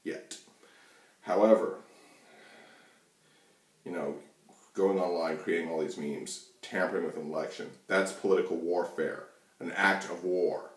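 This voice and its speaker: Man, very deep voice, rambling profane political rant, roomy echo, distant mic. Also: fairly even intonation, unhurried, pauses often. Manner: rambling, profane, many fillers and restarts. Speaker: channel host. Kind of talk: casual political rant to camera. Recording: echoey room, mic far off.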